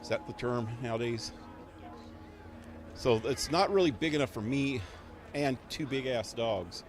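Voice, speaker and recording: Unhurried and medium-pitched, this gaming livestreamer offers casual commentary on his gameplay from a small room at home. Laughter comes easily, and the occasional curse slips in.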